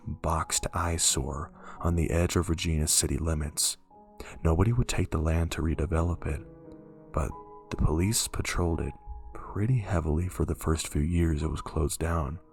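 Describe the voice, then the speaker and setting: A man narrating a scripted horror story in a calm, measured way. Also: a bass voice, soft background music.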